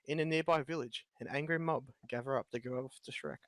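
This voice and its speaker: A man's voice: mid-range voice, fairly quick, no echo, clean studio sound. A young man reading a film script aloud to friends over voice chat, with joking asides and laughs. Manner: reads with joking asides and laughs, half-hearted character voices.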